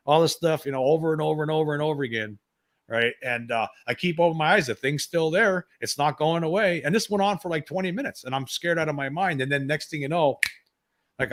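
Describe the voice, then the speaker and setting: A man in his fifties shares a personal experience as a guest. He talks in halting bursts, restarting and repeating words as he goes, at a mid pitch. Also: a bit bright.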